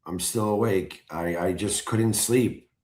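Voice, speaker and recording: A man in casual chat, excitedly telling a story and acting out his own shouted chants. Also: low voice, slow. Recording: roomy echo.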